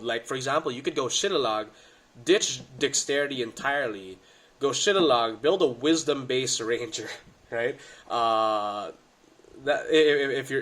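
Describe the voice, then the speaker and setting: Man, mid-pitched, stuffy with a cold; casual, slangy rules-breakdown host on a cheap home mic. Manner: excitable, slangy gamer talk. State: congested from a cold. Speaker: tabletop game rules commentator. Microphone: budget home recording setup.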